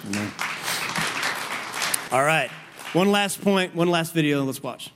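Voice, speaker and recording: Earnest high-voiced male preacher. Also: big pitch swings, measured pace, a loud crowd, very noisy. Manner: earnest, repeats words while building a point. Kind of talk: sermon on marriage. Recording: long reverb of a large hall.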